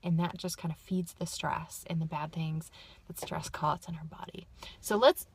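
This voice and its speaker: A woman's voice: sits low, steady tone, normal speed, a little hiss or hum. Chatty woman giving upbeat advice. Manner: upbeat, chatty, with frequent asides and "right?" tags. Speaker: vlogger giving life tips. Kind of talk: casual direct-to-camera advice.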